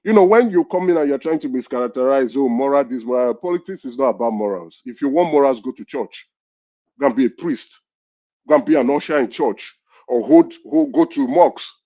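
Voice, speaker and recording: A man's voice: mid-range voice, expressive, a little fast, highs cut off. A man, lecturing and arguing hard in a heated political debate, talking over the others. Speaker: caller in a political discussion.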